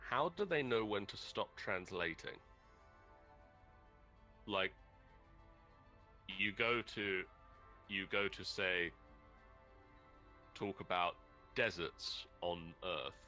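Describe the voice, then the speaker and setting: A man's voice: low-pitched, takes it slowly, pauses often, faint music behind. A man co-hosting a livestream, chatting casually and retelling a joke while looking things up online. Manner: relaxed, retelling jokes while searching online. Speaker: livestream co-host. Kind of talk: casual chat.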